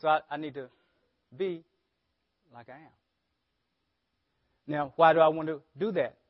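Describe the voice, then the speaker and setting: A man's voice: a little high, a little slow, no room sound. A man preaching a sermon as pastor, often asking the congregation rhetorical questions. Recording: dull lo-fi sermon audio.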